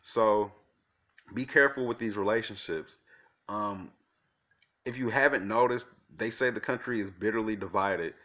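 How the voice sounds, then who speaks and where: A man's voice: lowish voice, normal speed, sharp tone. A man talking to camera in a rambling, earnest monologue, repeating himself with fillers and restarts. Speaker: vlogger.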